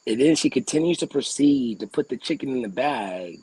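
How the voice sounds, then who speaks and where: Podcast co-host, young adult male, husky, profane and animated, dry close sound. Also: mid-range voice, fairly quick, no room sound, rough recording. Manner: animated, profane ranting with frequent throat clearing. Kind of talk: casual podcast storytelling.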